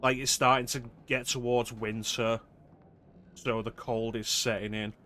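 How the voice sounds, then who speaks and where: A man's voice: mid-range voice, little pitch movement, a little slow, bright, forceful tone, a little hiss or hum. A man streaming a game, reading in-game diary notes aloud steadily and then chatting casually. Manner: reads steadily, then chats casually with fillers.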